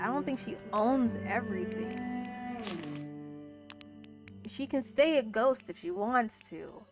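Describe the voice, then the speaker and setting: A woman with a high voice streams a game and talks straight to her viewers. She swings between quiet muttering and sassy, profane scolding of chat. Soft game music plays underneath. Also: expressive, takes it slowly, pauses often. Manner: muttering to herself between outbursts. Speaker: livestreamer. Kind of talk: casual gameplay chat with viewers.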